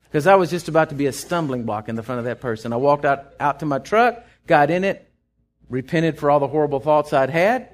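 A middle-aged man with a Texan accent, preaching a sermon in a folksy storytelling way, swinging from loud to hushed. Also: fairly high pitch. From Texas. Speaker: pastor.

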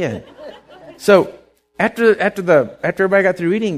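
A middle-aged male preacher giving a sermon, telling stories and swinging from quiet asides to loud, emphatic lines. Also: sits high, sing-song, fairly quick.

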